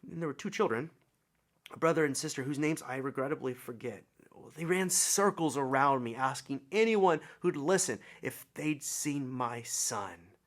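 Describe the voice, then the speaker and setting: Middle-aged guy preaching, storytelling sermon, gets loud then goes real quiet. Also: medium pitch, animated, normal speed. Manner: reflective storytelling, swells then drops to near whispers. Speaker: pastor.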